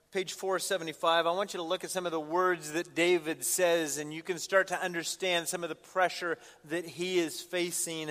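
A man's voice: on the high side, fairly bright tone. A man preaching a sermon as the pastor, reading scripture and telling personal stories in a conversational way. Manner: storytelling, conversational. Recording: long reverb in a church hall.

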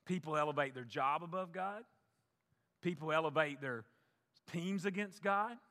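A man's voice: a little high, normal speed, pushed and bright. A male pastor preaching a sermon, emphatic, repeating key phrases for the congregation. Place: church sanctuary. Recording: long church reverb.

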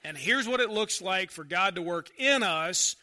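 A male pastor preaching a conversational sermon, swinging between loud emphasis and quiet asides. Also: sits high, animated, normal speed.

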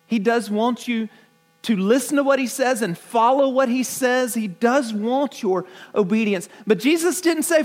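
High-voiced preaching pastor. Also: male voice, expressive, normal speed. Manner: earnest, repeats words, asks the congregation questions. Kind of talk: sermon.

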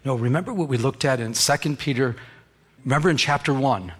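A man preaches a sermon in an animated storytelling manner. He acts out scenes with little sound effects and jumps high in pitch when excited. Then he sinks into a soft, low tone for the gentler parts. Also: a little fast, breathy edge. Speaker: pastor.

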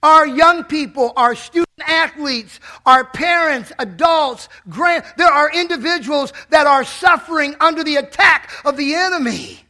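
A man preaching with real fire in a church, his voice sitting high for a man and ringing bright and forceful. He swings from steady teaching into sudden loud, shouted bursts. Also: a little slow, hardly any pauses. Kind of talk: sermon.

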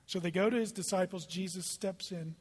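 Animated high-voiced preacher in a reverberant hall. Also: male voice, fairly quick, husky. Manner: animated, emphatic preaching with dramatic drops to hushed tones. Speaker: pastor. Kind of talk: sermon.

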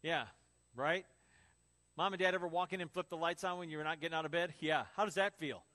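A high-voiced male pastor preaching a sermon to his congregation. He tells lively personal stories and breaks into voices for the people in them. His delivery is conversational, with quick asides to the crowd. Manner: storytelling with acted quotes and laughs.

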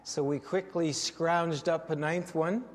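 Taking it slowly, a man preaching as pastor tells stories packed with fillers and restarts, his fairly high voice steady in tone. A large hall gives a long reverb, and there's a little hiss or hum.

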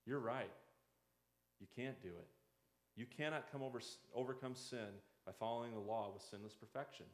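A man's voice: medium pitch, moderate pace, reverberant. A man preaching a conversational sermon as a pastor, slipping into the voices of doubters and critics.

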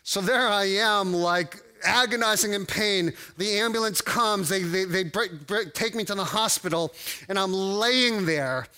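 A man's voice: high-pitched, a little slow, pushed and bright, smooth. A man preaching a sermon to a congregation, conversational and full of restarts and fillers. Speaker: pastor.

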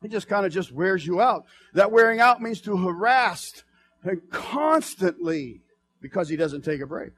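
A man preaching from the pulpit, his voice sitting notably high for a man. He drops to quiet, hushed asides, then climbs into loud, fervent shouting. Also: lively intonation, unhurried, soft background music. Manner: swings from soft murmurs to fervent shouts. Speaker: pastor. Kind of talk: preaching sermon. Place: church.

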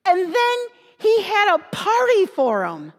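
A woman retelling a parable as a first-person story, in an animated, emotional way. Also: extremely high pitch, takes it slowly. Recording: long hall reverb.

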